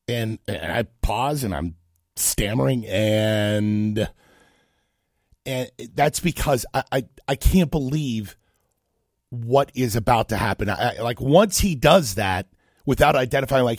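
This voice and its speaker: A man hosting a radio talk show, telling a story in an animated way, with stammers and restarts. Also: mid-range voice, moderate pace, breathy edge, dry recording, clean studio sound. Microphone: studio microphone.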